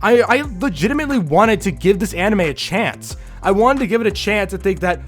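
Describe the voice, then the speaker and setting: A man's voice: high voice, very animated, moderate pace, few pauses, soft background music. A man giving a casual spoken review of an anime, earnest and repetitive, sighing and rising to exasperated outbursts. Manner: earnest, repeats himself, sighs, rising to exasperated bursts.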